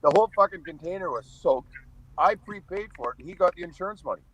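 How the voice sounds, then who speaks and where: A man's voice: high voice, lively intonation, fast, fairly bright tone, highs cut off. Blunt, profane man. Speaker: podcast guest. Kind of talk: casual storytelling.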